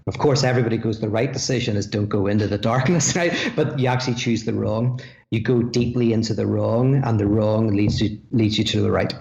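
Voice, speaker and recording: An Irish man explains his thinking as a podcast guest, with an animated delivery and quick asides. His voice is gravelly with a bit of fry. The sound is dull and lo-fi, in a roomy, echoey space. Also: fairly low pitch. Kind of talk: podcast conversation.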